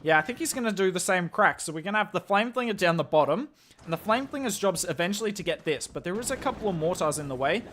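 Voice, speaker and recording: Australian guy, young, high bright voice, excitable live game caster chatting to viewers. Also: quick pace. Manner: excitable play-by-play, chatty asides to chat. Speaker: live-stream game commentator.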